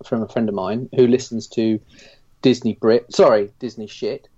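A man's voice: mid-range voice, fairly even intonation, moderate pace, mellow, slight background noise. A man co-hosting a podcast in casual chat, wry and self-deprecating. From partly Scotland. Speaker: podcast co-host. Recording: dull lo-fi sound.

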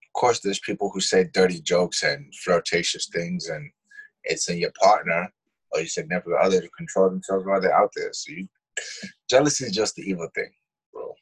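Blunt, husky deep-voiced New York man. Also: a little fast. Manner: blunt, profane storytelling. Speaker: podcast co-host. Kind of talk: casual chat.

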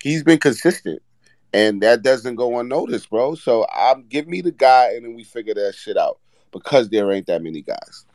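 A man's voice: medium pitch, normal speed, a little mellow, no room sound, poor audio. A man hosting a casual sports podcast, talking loosely with lots of restarts and swearing. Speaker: podcast host.

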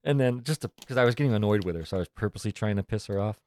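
Low-voiced man telling a story, dry close mic. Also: rapid-fire, a little mellow, dry recording. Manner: storytelling, swears freely, laughs often. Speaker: podcast co-host. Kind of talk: casual chat.

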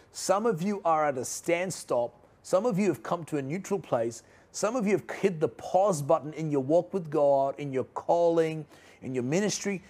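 A man in his thirties preaching a sermon, earnest and pleading, repeating key phrases and often dropping to a soft, low voice.

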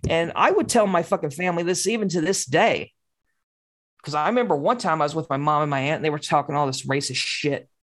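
A woman's voice: low-pitched, fast talker. A woman in her forties telling a story in casual podcast chat, heated and swearing freely.

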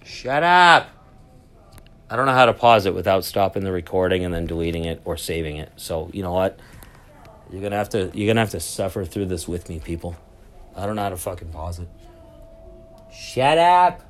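Here the podcast host talks quickly in a low-pitched, fairly even voice, rambling through a solo story from his cruise ship cabin. He curses freely and drifts off on tangents, with public announcements audible behind him.

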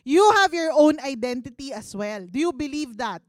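Filipino woman pastor, high voice, dry close mic, conversational sermon that mixes in Tagalog. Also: expressive, moderate pace, dry recording. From Philippines. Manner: conversational, mixes Tagalog into English, asks the congregation questions. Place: church service.

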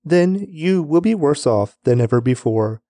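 A blunt army commander rebukes his king, read by a man in his own voice. The tone is mellow and dry-sounding. It stays close to plain reading. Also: a little high, animated, a little slow, no echo. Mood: reproachful.

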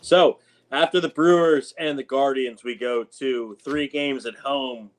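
A man's voice: mid-range voice, fairly even intonation, measured pace. A man co-hosting a sports podcast, chatting casually in an easygoing, wry way. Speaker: podcast co-host.

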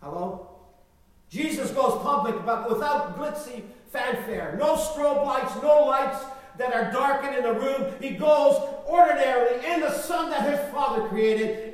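A man preaching a sermon with emphatic, repetitive phrasing and big swings between quiet and loud, in a large church hall. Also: very high voice, a little slow. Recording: echoey hall, voice from far off.

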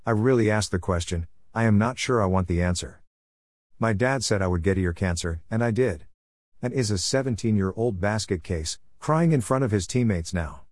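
A man tells a funny first-person story in a somewhat low voice, delivering it with dry, wry timing and acting out the quoted dialogue himself. The recording is close and dry, with no room sound. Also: a little fast, darkish tone, no room sound. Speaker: storyteller reading his own blog post.

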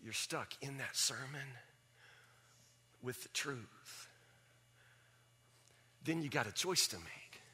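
A man's voice: medium pitch, animated, takes it slowly, pauses often, pushed and bright, husky. A man preaching a sermon with emphatic, repeated phrases that build in intensity.

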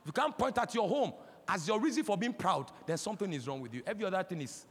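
A man in his forties with a Nigerian accent, preaching a sermon as a pastor, impassioned and breaking into shouts. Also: high-pitched, lively intonation, quick pace, breathy edge. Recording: long hall reverb.

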